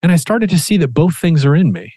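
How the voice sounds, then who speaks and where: Animated storytelling man, dry close mic. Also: a little high, fast talker, husky, dry recording. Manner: animated, acts out quoted dialogue, swears casually. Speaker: podcast co-host. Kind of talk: casual storytelling chat.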